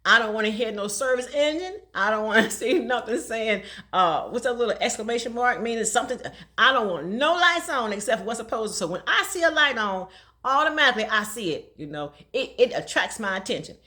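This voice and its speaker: A woman telling a personal story in a casual vlog, talking fast and laughing often. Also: on the high side, animated, sharp tone. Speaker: vlogger.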